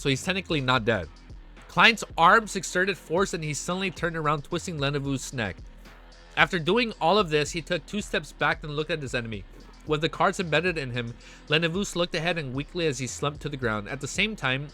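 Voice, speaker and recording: A young man hosting a reaction stream. He reads a web novel aloud and keeps breaking in with excited, slangy outbursts. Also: fairly high pitch, brisk, soft background music. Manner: excitable, slangy, cuts in on his own reading with outbursts.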